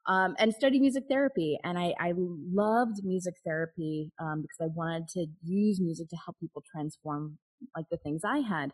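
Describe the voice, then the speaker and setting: A woman's voice: fairly low pitch, moderate pace, a little mellow, low-quality recording. A woman guest telling a personal story in an interview, candid and open, laughing now and then. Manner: candid, with frequent restarts and nervous laughs.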